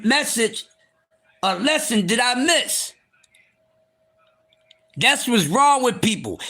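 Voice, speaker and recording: A man hosting a live stream, speaking bluntly with plenty of profanity and swinging from calm talk to shouting. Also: very high voice. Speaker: livestream host.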